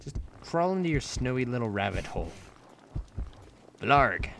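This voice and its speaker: A man's voice: mid-range voice, sing-song, quick pace, gravelly, background noise. A man hosting a let's play, giving jokey, self-mocking running commentary while he plays. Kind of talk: gameplay commentary.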